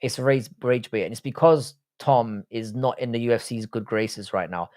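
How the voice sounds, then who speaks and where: A young man with an Irish accent runs a casual livestream and answers his chat in a blunt, foul-mouthed way. He talks loosely and jokes back at viewers at a middling pitch. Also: moderate pace, a little mellow. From Republic of Ireland. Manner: profane, blunt, banters with chat. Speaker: livestream host reading chat.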